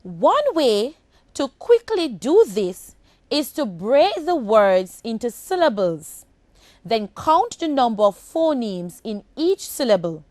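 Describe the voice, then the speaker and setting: A woman teaching a phonics lesson to children on broadcast television, speaking slowly and enunciating each sound with care. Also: a little high, a little mellow, dry recording. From Jamaica. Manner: slow, deliberate, clearly enunciated.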